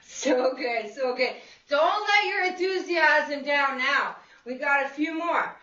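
A woman's voice: high-pitched, takes it slowly, sharp tone. A woman fitness instructor leading a live seated exercise class, upbeat and encouraging, calling out counts and cheering the group on. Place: exercise room with a class present. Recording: echoey room, far from a dull lo-fi mic.

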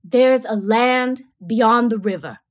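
A church song leader, as a woman reading aloud puts him on, drawing out each line slowly in a solemn chant. The voice sits fairly high and carries a little louder than the telling around it. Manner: slow, drawn-out chanting. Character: church song leader man lining out hymn verses.

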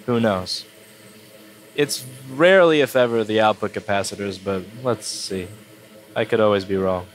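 A man's voice: on the low side, normal speed, slight background noise. A man with a stuffy cold walking through a circuit board repair at his workbench, blunt and swearing when annoyed. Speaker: repair technician. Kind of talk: casual repair walkthrough.

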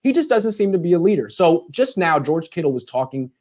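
A man's voice: a little high, sing-song, a little fast, darkish tone. A man hosting a sports podcast panel, handing out turns and giving his own easygoing take. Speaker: podcast host. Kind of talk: sports talk show.

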